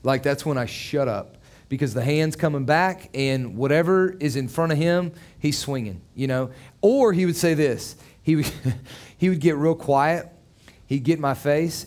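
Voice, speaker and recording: A man's voice: on the high side, a little slow, darkish tone. A man preaching a sermon in a conversational, joking way, with many fillers and restarts. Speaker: pastor.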